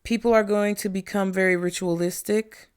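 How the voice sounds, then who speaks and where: A woman's voice: medium pitch, fairly even intonation, a little mellow, clean tone. A woman vlogger giving a casual spiritual talk to her viewers, calling them y'all and child in a chatty way. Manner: slow, drawn-out delivery. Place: home indoors.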